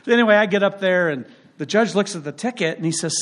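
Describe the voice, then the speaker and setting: A man's voice: sits high, animated, fast, a bit bright. Man preaching in a chatty storytelling way. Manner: conversational, humorous storytelling. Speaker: pastor. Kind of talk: sermon with personal stories. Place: church.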